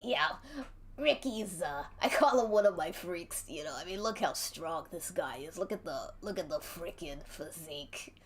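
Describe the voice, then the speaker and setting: A woman voicing a boastful male wrestling promoter in a rough, throat-straining voice, with a showy, gushing manner. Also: on the low side, animated, normal speed.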